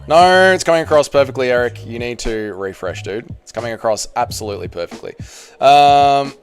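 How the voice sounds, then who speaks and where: A man's voice: mid-range voice, lively intonation, fairly quick, faint music behind. An Australian man hosting a casual fight-sports livestream, reading viewer comments aloud in a chatty, slangy, jokey way. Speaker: MMA channel livestream host.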